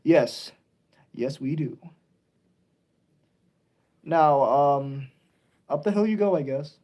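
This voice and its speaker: Excitable young man yelling at trains. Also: on the high side, slow. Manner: excitable, yells at toy trains. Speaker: model railway streamer. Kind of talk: casual live-stream commentary.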